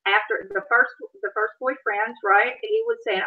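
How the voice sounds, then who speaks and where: A woman hosting a live stream, calmly explaining and coaching her guest. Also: a little high, normal speed, muffled recording. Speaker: stream host and counselor. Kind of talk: educational live-stream talk.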